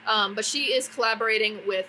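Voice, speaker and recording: A young beauty vlogger at home gives a casual, opinionated review of new makeup releases, rambling and exasperated with lots of "like" fillers. Her medium-pitched voice is steady, brisk, and sharp, with a little hiss or hum and neighbors doing yard work nearby.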